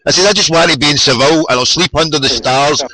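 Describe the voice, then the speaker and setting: Sweary, excitable Scottish man. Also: fairly high pitch, quick pace, low-quality recording. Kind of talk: casual football fan chat.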